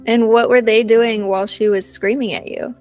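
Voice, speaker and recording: A woman's voice: on the high side, steady tone, moderate pace, darkish tone, faint music behind. A woman hosting a casual interview, giving brief supportive interjections and asking follow-up questions. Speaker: podcast host.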